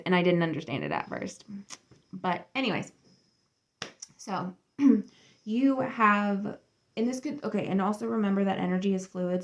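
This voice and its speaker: A woman's voice: lowish voice, darkish tone. A woman doing a casual tarot reading to camera at home, talking in a chatty, rambling way with friendly asides. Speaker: tarot reader.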